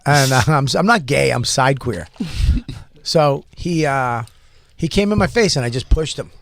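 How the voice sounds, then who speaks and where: A man telling a wild story as a comedy podcast guest, animated, acting out shouted quotes and laughing often. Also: mid-range voice, unhurried, vocal fry, slight background noise. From Boston.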